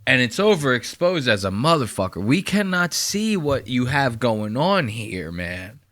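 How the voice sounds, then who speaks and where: A man hosting a casual reaction commentary, talking in animated disbelief and swearing freely. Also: medium pitch, measured pace. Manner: incredulous, animated, swears often. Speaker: host.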